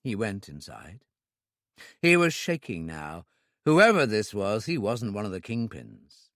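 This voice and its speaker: A man narrating a thriller in the first person, measured and wry. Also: lowish voice, sing-song, fairly bright tone, no echo, clean studio sound. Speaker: audiobook narrator.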